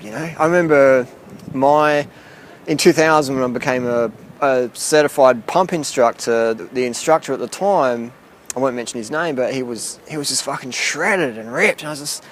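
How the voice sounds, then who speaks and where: A man's voice: medium pitch, fairly bright tone, slight background noise. An Australian man from South Australia, a fitness vlogger ranting bluntly to camera with lots of swearing and rambling asides. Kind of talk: casual rant to camera. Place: outdoors near a boat, urban.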